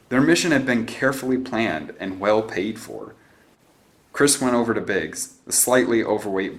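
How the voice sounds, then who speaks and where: A man reading a novel aloud as narrator in a steady, even storytelling manner. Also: low voice. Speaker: audiobook narrator. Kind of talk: scripted narration.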